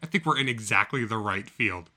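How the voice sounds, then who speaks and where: Dry-humored man co-host, casual chat, bright tone. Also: lowish voice, expressive, brisk. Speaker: podcast co-host.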